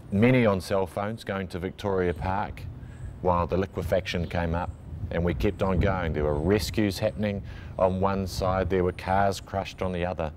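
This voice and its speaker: A man's voice: sits low, darkish tone, slight background noise. A man, a camera operator giving a matter-of-fact account in an interview. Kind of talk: recalled interview testimony.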